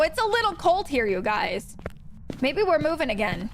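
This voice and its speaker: A woman's voice: high-pitched, big pitch swings, moderate pace, a little hiss or hum. A woman streaming a ghost-hunting game, chatting playfully with her viewers. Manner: chatty, thanks chat, playful slang. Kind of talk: chatty gameplay livestream.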